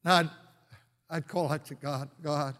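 Older male pastor preaching, high, ringing voice, goes from shouts to hushes, long echo of a church hall. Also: measured pace. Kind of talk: sermon. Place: church sanctuary.

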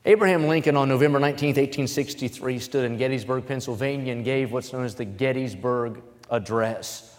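A man preaching from the pulpit, telling his story plainly and then rising into loud, emphatic reading of scripture. His voice has a middling pitch, and the sound rings with the long reverb of a large hall. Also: brisk. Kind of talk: sermon.

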